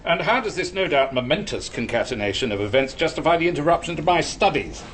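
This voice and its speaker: An actor playing a sardonic middle-aged writer, dry and pompous with long sarcastic sentences, in a radio comedy. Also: male voice, on the high side, big pitch swings, fast, a bit bright, slight background noise. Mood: wry.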